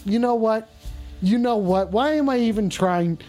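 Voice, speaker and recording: A man hosting a livestream call-in show, talking to his chat in a rambling, exasperated, profane way, stretching some lines out and rushing others. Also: very high voice, lively intonation, a little mellow, soft background music. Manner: profane, exasperated, scolding viewers; drawn-out emphatic lines mixed with quick asides. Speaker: livestream host taking call-ins.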